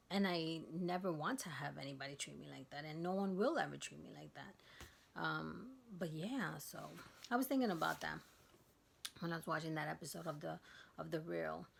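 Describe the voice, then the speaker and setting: Low, gravelly woman telling a story. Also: normal speed, a little hiss or hum. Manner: candid, emphatic retelling, drops to a hush at tense moments. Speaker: vlogger. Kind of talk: casual storytelling.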